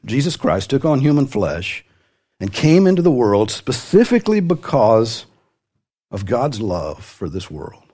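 A man's voice: mid-range voice, very animated, measured pace, mellow, breathy edge. A man preaching a sermon to a congregation, with light humor and sudden rises in his voice for emphasis. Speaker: pastor.

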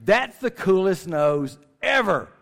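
Folksy high-voiced man joking in a hall. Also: very animated. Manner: folksy, joking, drawn-out emphasis. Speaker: speaker at a creation ministry. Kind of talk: lively talk to a family audience. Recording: long reverb of a large hall.

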